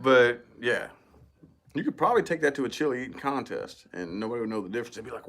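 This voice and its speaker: Laid-back bright-voiced man chatting. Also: medium pitch, lively intonation, quick pace. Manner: laid-back, swearing, slangy. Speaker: co-host. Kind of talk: casual chat.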